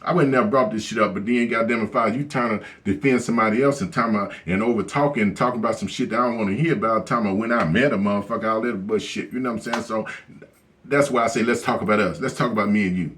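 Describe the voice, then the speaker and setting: A man's voice: on the low side, quick pace, a bit bright. A man telling a story as a profane, blunt rant, cursing constantly and repeating "you know what I'm saying". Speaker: vlogger.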